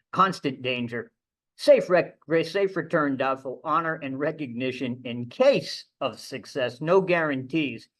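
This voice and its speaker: A man's voice: medium pitch, a bit bright. Man telling voyage stories at a talk. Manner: conversational storytelling with restarts. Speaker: ship captain giving a public talk. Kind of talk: anecdotal lecture. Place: library event room.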